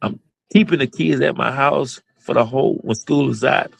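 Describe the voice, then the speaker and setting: A man's voice: medium pitch, normal speed, gravelly, husky, dry recording, poor audio. A man, a basketball club owner and coach telling his story in an interview, earnest and emotional, going over points again and again.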